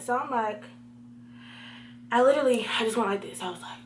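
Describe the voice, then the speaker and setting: A young woman telling a story to her viewers in a lively, direct way, with a mid-range voice. A faint hiss sits under her talk. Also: mid-range voice, moderate pace. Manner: animated, talks to viewers directly. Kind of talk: storytime vlog.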